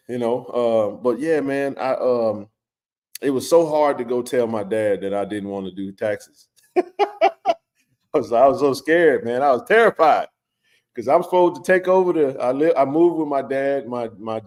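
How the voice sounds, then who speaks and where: A man with a mid-range voice talks to his live audience in a relaxed, rambling way. He restarts sentences often and keeps coming back with "you know what I mean". His delivery is lively and informal, like a host chatting with regulars. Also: mid-range voice. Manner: animated, conversational, many fillers and restarts. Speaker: livestream host. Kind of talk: casual storytelling to a live chat.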